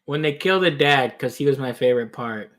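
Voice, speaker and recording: A man's voice: mid-range voice, expressive, a little fast, a bit bright. A man co-hosting a casual movie review podcast, making dry, blunt jokes. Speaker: podcast co-host.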